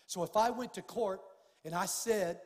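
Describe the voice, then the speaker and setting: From the pulpit of a large, reverberant sanctuary, an older pastor with a high-pitched male voice gives a passionate sermon at an ordinary speed. He swings from hushed, personal stretches to loud, insistent outbursts as the long reverb carries on.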